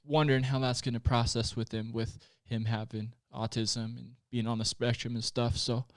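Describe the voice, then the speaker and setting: A man in his late twenties, a podcast guest telling a personal story in a candid, plainspoken way. His voice is smooth and resonant, with a flat, even delivery, recorded dry and close. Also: medium pitch, normal speed, dry recording. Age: late 20s. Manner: candid and plainspoken, with frequent swearing and fillers. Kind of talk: personal storytelling in casual conversation.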